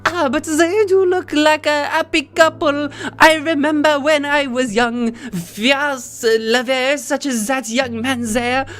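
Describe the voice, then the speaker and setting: A man voicing a snooty, theatrical old male French restaurant host in a dating sim, with a deliberately bad put-on French accent. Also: high voice, faint music behind, natural voice. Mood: hammy. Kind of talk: dating sim let's play.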